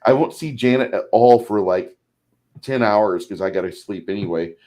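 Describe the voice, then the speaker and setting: A man's voice: fairly low pitch, normal speed, mellow, rough recording. A man co-hosting a casual chat, rambling and filling his talk with "like". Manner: rambling, lots of "like". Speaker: co-host.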